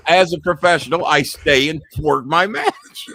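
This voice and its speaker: A man hosting a show, telling a profane, animated story and acting out the yelling voices. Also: fairly high pitch, unhurried, few pauses, dry recording, clean studio sound. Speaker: host. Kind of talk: casual storytelling chat.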